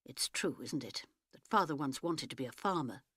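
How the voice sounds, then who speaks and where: A woman voicing a teenage son who speaks gravely and with cool certainty. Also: a bass voice, lively intonation, moderate pace, fairly bright tone, no echo, studio quality, exaggerated voice. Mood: earnest. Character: teenage son, earnest, calm, determined.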